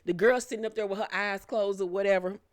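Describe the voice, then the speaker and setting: Woman reviewer recapping reality TV, brash and foul-mouthed, close dry sound, mid pitch. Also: fairly even intonation, quick pace, no echo. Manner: brash, profane, laughs often. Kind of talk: casual recap commentary.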